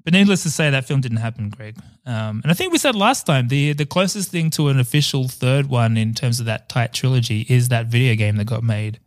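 A man's voice: medium pitch, animated, a little fast, few pauses, no echo. Guy hosting a podcast, joking around, laughs a lot, dry close sound. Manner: playful, laughs often, chatty with restarts. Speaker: podcast co-host. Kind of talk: casual chat.

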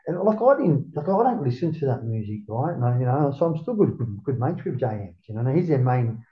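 An Australian man, a former surfer being interviewed, telling stories casually, swearing a lot and jumping up in pitch to act out what people said. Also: fairly quick, echoey room, muffled recording. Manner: animated, swears constantly, acts out quotes in a raised voice. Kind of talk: casual storytelling.

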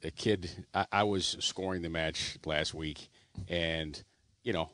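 A man's voice: deep voice, measured pace, no room sound. A man, co-hosting a radio golf show and telling stories with frequent laughs. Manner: animated storyteller, laughs often. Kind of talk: casual radio chat.

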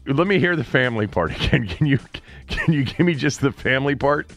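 A man's voice: mid-range voice, animated, a little fast, fairly bright tone, soft background music. A man hosting a sports talk show, chatting casually in a wry, joking way.

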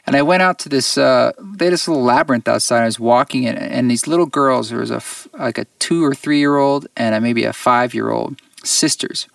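A man, a musician guest on an interview show, tells a personal story in an earnest, reflective way with halting restarts. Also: mid-range voice, creaky, dry recording, distant mic.

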